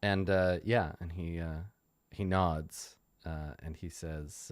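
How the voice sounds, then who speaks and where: A man's voice: low-pitched, fairly even intonation, slow, no echo, studio quality. A man running a tabletop game as game master, narrating with many hesitant fillers.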